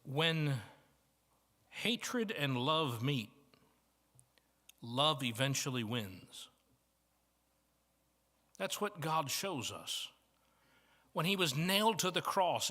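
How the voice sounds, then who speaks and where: A man with a Midwestern American accent preaching a sermon as guest preacher, telling stories and moving between soft asides and emphatic points. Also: mid-range voice. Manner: storytelling with shifts from soft to emphatic. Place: church banquet hall. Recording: reverberant banquet hall.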